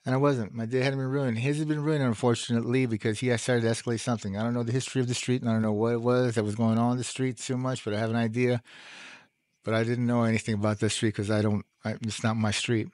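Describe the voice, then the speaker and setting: A middle-aged man talking casually, telling a personal story in a rambling, animated way with frequent laughs. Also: mid-range voice, fast talker, dry recording. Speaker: host. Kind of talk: casual monologue.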